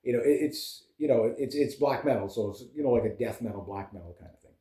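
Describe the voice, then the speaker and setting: A man with a mellow, relaxed tone talks in a loose, rambling way, full of fillers and half-started thoughts. His voice carries in a roomy, echoey space. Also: medium pitch, fast. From Canada. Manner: rambling, digressive, many fillers and restarts. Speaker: vlogger and musician. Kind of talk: casual rambling chat.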